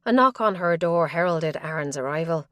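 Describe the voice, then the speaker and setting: Low-voiced woman narrating an audiobook. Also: animated, moderate pace, fairly bright tone, no room sound.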